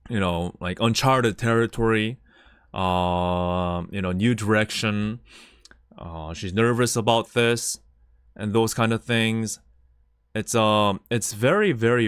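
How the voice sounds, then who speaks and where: A man's voice: lowish voice, a bit bright, clear, resonant tone, dry recording, clean studio sound. A man streaming live, reacting emotionally and stammering as he repeats his words.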